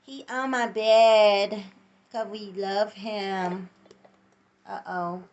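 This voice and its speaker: A woman's voice: medium pitch, fairly even intonation, very slow, a little mellow, muffled recording. A middle-aged woman talking candidly into her phone on a tripod, reflective and blunt, swearing at times. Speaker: vlogger. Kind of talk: casual personal monologue.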